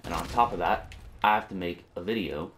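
A man's voice: sits low, fairly quick, a bit bright, a little hiss or hum. A young man with a cold and a congested nose, giving casual, rambling gameplay commentary with frequent swearing. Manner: profane, irritated, rambling. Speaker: gaming video creator.

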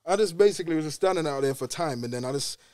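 A young man from West London with a London accent, telling a story in casual podcast chat, quick and slangy, saying bruv at every turn. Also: fairly high pitch, lively intonation, a crowd in the background. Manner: fast and slangy, says bruv constantly. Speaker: podcast guest.

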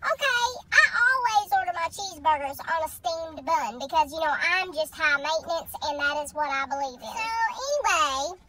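Very high-pitched sassy ranting vlogger. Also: moderate pace, few pauses. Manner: sassy, animated, colloquial storytelling with dialect grammar. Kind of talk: casual vlog rant. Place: at home, seated. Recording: loud background noise.

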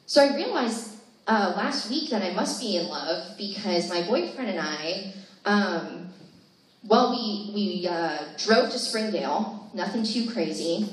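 A woman's voice: mid-range voice, expressive, unhurried. A young woman in her twenties doing a chatty, self-deprecating stand-up set full of fillers at a live comedy show. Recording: echoey room, distant mic, faint noise.

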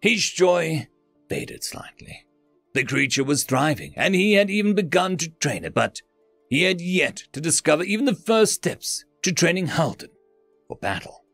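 Guy reading a sci-fi story, gravelly voice, big pitch swings, dry mic w faint music. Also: moderate pace, no room sound. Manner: expressive, dramatic. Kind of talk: scripted story narration.

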